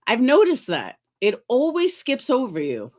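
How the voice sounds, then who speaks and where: Chatty woman streamer, lively pitch. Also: measured pace. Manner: chatty, greets viewers by name, sarcastic asides. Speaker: livestream commentary host. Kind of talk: casual livestream chat.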